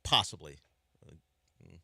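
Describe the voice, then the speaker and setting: A man's voice: unhurried, no echo. A young man hosting a sports radio show, chatting casually and animatedly from a studio mic. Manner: animated, breaks into a squeaky voice when mimicking. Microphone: studio microphone.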